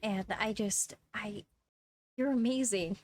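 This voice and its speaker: A woman's voice: mid-range voice, a little mellow. A woman voicing a shy, admiring young baker woman who stumbles over her words. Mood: shy, grateful. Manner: halting, flustered, full of restarts.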